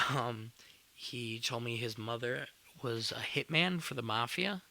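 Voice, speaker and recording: A young man tells a work story as a podcast host, rambling and exasperated, dropping casual curses. His voice has a gravelly fry and a bright edge. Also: medium pitch, takes it slowly.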